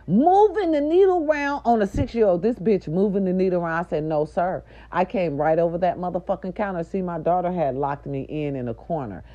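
Low-voiced woman ranting, foul-mouthed. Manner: loud, profane, indignant ranting. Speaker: nurse aide. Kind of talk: storytime rant to viewers. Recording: dull lo-fi recording.

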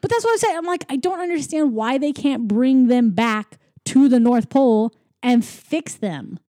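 A woman with a dark, mellow tone rambles through a casual recap. She is sarcastic and loose, full of fillers, and recorded dry and close. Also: high voice, animated, normal speed, no echo. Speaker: podcast co-host. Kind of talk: casual chat recapping a movie.

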